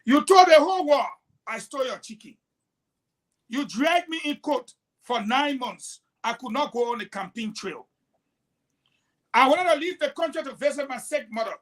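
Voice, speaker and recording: A man's voice: very high-pitched, expressive, normal speed, pauses often, fairly bright tone. A man with a Liberian English accent hosting a political talk show, delivering heated, scolding commentary with rhetorical challenges.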